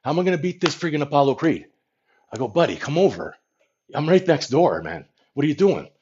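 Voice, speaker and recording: A man's voice: fairly high pitch, big pitch swings, brisk, a little mellow, husky, dull audio, pitched above the performer's own voice. A man voicing a boastful middle-aged New York Italian tough guy with a New York Italian accent, name-dropping and saying "you know" constantly. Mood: boastful storytelling.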